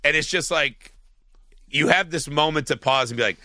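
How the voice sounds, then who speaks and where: A man's voice: on the high side, moderate pace, pushed and bright, dry recording, clean studio sound. A man co-hosting a podcast, talking casually and profanely about a film, rambling with lots of "like". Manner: rambling, profane, heavy use of "like". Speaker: podcast co-host.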